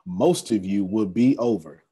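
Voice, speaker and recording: A man presenting on an online meeting call, excitable and casual, repeating himself for emphasis. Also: fairly low pitch, unhurried, slightly rough. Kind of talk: animated motivational pitch.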